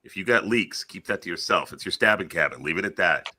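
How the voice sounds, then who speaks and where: A man's voice: sits low, animated, fast talker, sharp tone. A man on a podcast, tossing in wry, dismissive quips during crude banter.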